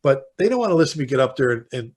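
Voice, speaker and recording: Guest: man in his 60s, Chicago accent, animated storyteller, mid pitch. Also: rapid-fire, slightly rough. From Chicago, United States. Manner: lively storyteller, slips into impassioned rants. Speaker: guest, veteran fire chief. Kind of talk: casual podcast interview.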